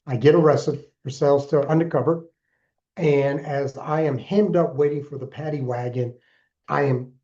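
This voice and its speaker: Man in his sixties, podcast guest, earnest deliberate storyteller, emphatic bursts, mellow dark tone, dull lo-fi sound. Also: mid-range voice. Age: 60s. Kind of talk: personal story in interview.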